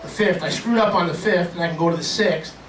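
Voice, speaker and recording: A man preaching a sermon as a pastor, animated, joking, and putting on voices to act out his stories. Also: high-pitched, quick pace, slight background noise. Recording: echoey room, distant from the mic, faint ambience.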